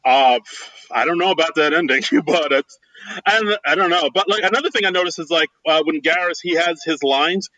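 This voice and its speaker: Bright dry-voiced man, halting co-host. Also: fairly high pitch, no echo, poor audio. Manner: loose, halting, heavy use of "like" and "dude". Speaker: podcast co-host. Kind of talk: casual podcast chat.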